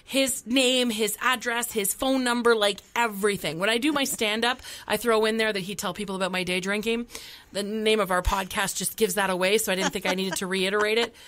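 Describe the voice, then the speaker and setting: A woman's voice: medium pitch, brisk. A woman in her forties, a podcast co-host telling funny stories in a casual chat and acting out the voices. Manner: animated comic storyteller, acts out voices.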